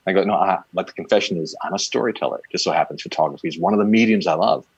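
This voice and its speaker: A man with a deep, husky voice talks on a video call, his pitch rising and falling freely as he jokes at his own expense. The sound is dry and slightly dull, like a home webcam microphone. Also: quick pace, no room sound. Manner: animated, self-deprecating, laughing as he talks. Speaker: photographer and storyteller. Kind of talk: casual talk on a video call.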